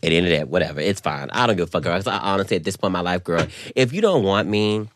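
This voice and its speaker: A young man co-hosting a podcast, telling a story in an animated, slangy, swearing way. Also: sits low, quick pace, dry recording, clean studio sound. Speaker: podcast co-host. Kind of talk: casual chat.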